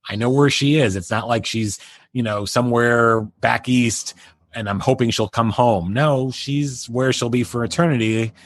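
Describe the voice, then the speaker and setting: A man's voice: mid-range voice, normal speed, no echo. Man telling a personal story, dry close sound. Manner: rambling, many restarts and "you know". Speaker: interview guest, entertainment publicist.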